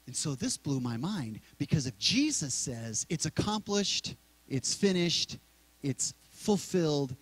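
A middle-aged male pastor preaching in a church sanctuary, talking conversationally and slowly repeating key words. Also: mid-range voice, dry recording, rough recording. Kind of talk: sermon.

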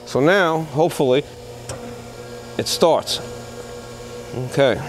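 Slightly high-voiced man demoing a machine. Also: music in the background. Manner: plain-spoken, halting, pauses with many fillers. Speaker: used machinery dealer. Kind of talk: unscripted product demonstration. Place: indoor machinery shop floor.

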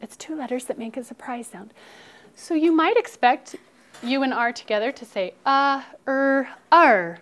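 A woman teacher telling a phonics story to children, expressive and coaxing them to repeat after her. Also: high-pitched, measured pace.

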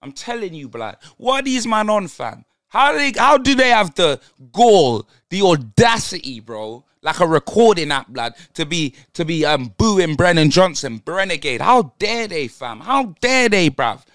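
An excitable young man reacting live to a football match, peppering every line with street slang. His voice sits high and swings widely in pitch. The tone is bright and dry. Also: measured pace, few pauses, no echo. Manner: excitable, slang-heavy banter. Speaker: football fan channel host.

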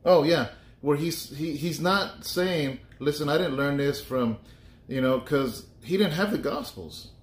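A man's voice: fairly high pitch, a little slow. Chatty pastor man in an echoey room. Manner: chatty and joking, thinks aloud with restarts. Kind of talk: casual Bible study talk.

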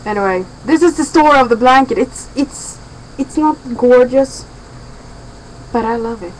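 A woman's voice: on the high side, lively intonation, moderate pace, a little hiss or hum, poor audio. Chatty young woman vlogging at home. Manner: chatty, rambling and playful. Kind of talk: casual daily vlog.

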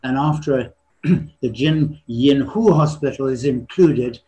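A man in his eighties giving a slide lecture on history, pausing often and clearing his throat between phrases. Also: medium pitch, mellow, a little hiss or hum, rough recording. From born in China, raised partly in England. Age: 80s. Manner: frequently clears his throat, halting with restarts. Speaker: retired surgeon giving a history talk.

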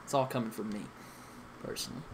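A man's voice: on the low side, fairly even intonation, fast, slight background noise. A young man hosting a gaming session, chatting casually with friends in a rambling, hesitant way full of fillers and restarts. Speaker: gaming channel host.

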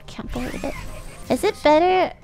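A woman streamer chatting excitedly and thinking aloud while playing an online strategy game with friends. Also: extremely high pitch, moderate pace, soft background music. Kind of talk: casual gaming chat.

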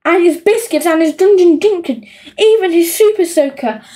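High-voiced woman narrating a children's audiobook. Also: moderate pace. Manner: expressive storytelling.

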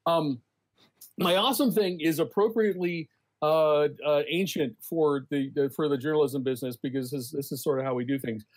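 A man on a casual podcast panel, a journalist, speaking haltingly with frequent repeated words and restarts. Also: a little high, low-quality recording.

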